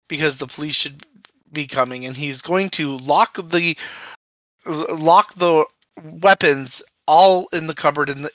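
A podcast co-host recapping a movie in casual chat, telling the plot with animated quoted lines. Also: mid-range voice, no room sound, poor audio. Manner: lively storyteller, acts out quotes.

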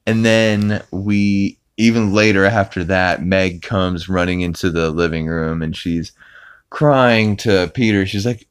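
Low-voiced guy rambling thru an episode recap, lots of ums and you-knows. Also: steady tone, measured pace, smooth. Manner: rambling, with many fillers and put-on character quotes. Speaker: podcast host.

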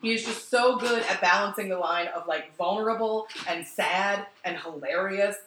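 A woman's voice: mid-range voice, normal speed, a bit bright, reverberant, slight background noise, low-quality recording. A woman co-hosting a casual podcast chat, animatedly recapping a TV episode, laughing and swearing as she goes. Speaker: podcast co-host.

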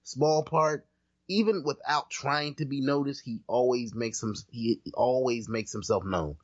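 A man's voice: mid-range voice, a little slow, husky, no echo, highs cut off. A man co-hosting a podcast in casual chat, talking emphatically and restarting his sentences often. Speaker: podcast co-host.

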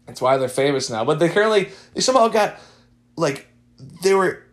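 A man's voice: fairly high pitch, expressive, fairly quick. Young man, podcast host, casual chat, rambling, wry, lots of fillers.

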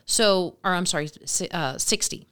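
A woman in her forties, a podcast guest, telling a story casually and briskly and acting out dialogue. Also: lowish voice, clean tone. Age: 40s. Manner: brisk, animated, acts out dialogue.

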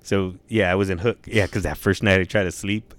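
A man's voice: sits low, steady tone, normal speed, a bit bright, no room sound. A young man telling a story in casual chat, laid-back and loose, swearing a lot and saying dude and bro.

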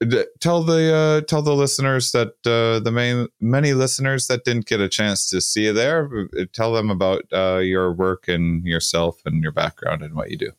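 A man hosting a science interview podcast who banters playfully with his guest. His voice is very low and smooth, and it is recorded dry and close. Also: normal speed, hardly any pauses, dry recording. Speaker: podcast host and festival organizer.

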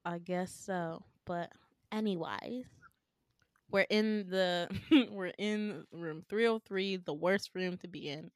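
A young woman co-hosting a casual chat podcast, recounting a dream with lively storytelling and acted-out voices. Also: lowish voice, takes it slowly, no room sound, clean studio sound. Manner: animated storytelling, acts out quoted voices, laughs often.

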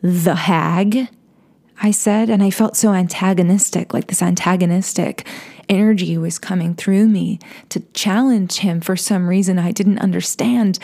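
A woman telling a personal story in a soft, confessional way, often dropping into a whisper and restarting her sentences. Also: mid-range voice, steady tone, moderate pace, vocal fry. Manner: frequent restarts and stammers.

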